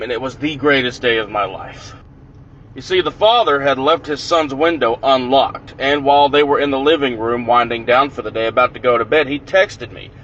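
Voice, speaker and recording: Dude telling a prank story, lots of cussing, sharp bright voice, muffled audio, faint traffic noise. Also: male voice, medium pitch. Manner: animated, profane, punchy storytelling.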